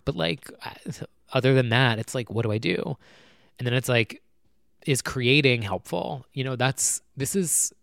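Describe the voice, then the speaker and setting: A young man and YouTube creator venting to the camera about his feelings, rambling and halting, close to tears. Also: mid-range voice, vocal fry, clear, resonant tone, no room sound. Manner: rambling, halting, full of "like" and restarts. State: close to tears, voice dropping low. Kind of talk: emotional personal vent to camera.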